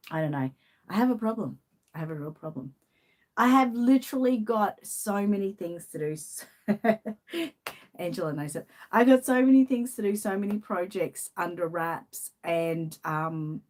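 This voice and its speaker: A woman's voice: on the low side, a little mellow. Chatty Australian woman hosting a live chat. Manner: chatty, laughs often, reads out viewer comments. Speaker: channel host. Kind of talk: casual live-stream chat.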